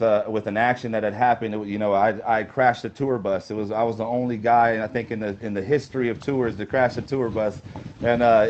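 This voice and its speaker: Slightly dull lo-fi audio captures an interview guest whose fairly low voice has a darkish tone. He tells long, meandering casual stories, sprinkling "you know" into the gaps.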